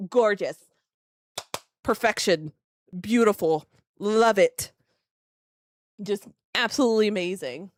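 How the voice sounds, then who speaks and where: A young woman streaming live, teary and excitable, rambling and giggling as she reacts. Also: medium pitch, slow, long pauses, no room sound, clean studio sound. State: teary from crying.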